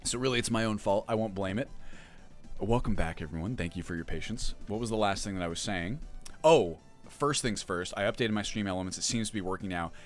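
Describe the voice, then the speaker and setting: A man's voice: lowish voice, brisk, soft background music. A man running a casual livestream, chatting as he explains update details and answers chat, thinking aloud as he goes. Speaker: mod developer streaming.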